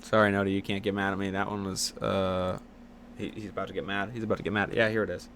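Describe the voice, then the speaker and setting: A young man streaming live late at night, teasing his chat and jumping from low mumbles to sudden yells. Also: fast talker, slight background noise. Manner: excitable, teasing, jumps from mumbling to yelling.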